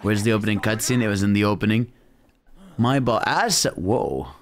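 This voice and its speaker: A young adult man giving excitable, slang-filled live commentary on a video game, talking to his chat. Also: on the low side, normal speed. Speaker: game streamer. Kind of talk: casual live gaming commentary.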